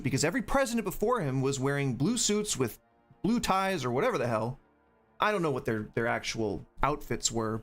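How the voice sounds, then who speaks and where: A man hosting a livestream podcast, ranting profanely and rambling with restarts. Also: on the high side. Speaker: podcast host. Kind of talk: livestream commentary.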